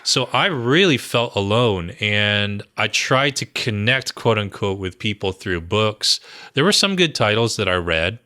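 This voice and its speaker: A man, a guest on a podcast, telling stories in a lively way with many "you know"s and "um"s. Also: lowish voice, measured pace, dry recording, clean studio sound. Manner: animated storyteller, fillers like "you know" and "um". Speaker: guest, brand strategist and author. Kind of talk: podcast interview storytelling.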